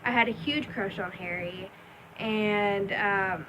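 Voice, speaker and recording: A woman's voice: mid-range voice, slow, highs cut off, background noise. A young adult woman telling a personal story in a rambling, chatty vlog with many ums and likes. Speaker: vlogger.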